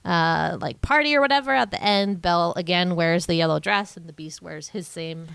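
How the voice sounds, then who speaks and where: A woman's voice: fairly low pitch, moderate pace, gravelly, a bit bright, clear, resonant tone, no echo. Chatty sarcastic woman podcaster. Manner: chatty and sarcastic, full of fillers. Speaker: podcast co-host. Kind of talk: casual chat, recapping a film.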